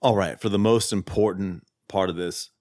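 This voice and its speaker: Brash male host, very deep voice, dry close sound. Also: steady tone, moderate pace, a little mellow, no room sound. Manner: brash, mock-pompous. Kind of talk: casual chat.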